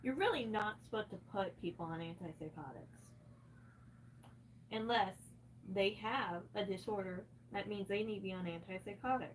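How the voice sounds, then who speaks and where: A woman's voice: medium pitch, moderate pace, far from the mic, a little hiss or hum. A distressed woman ranting on a livestream, cursing heavily and talking in an agitated, unscripted way.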